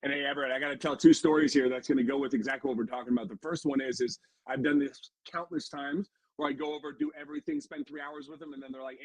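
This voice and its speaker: A man from Arizona, a home heating and cooling sales pro, telling stories as a podcast guest in an energetic, blunt way and swearing freely. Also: mid-range voice, fast talker, gravelly, few pauses, no echo, low-quality recording. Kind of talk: casual podcast storytelling.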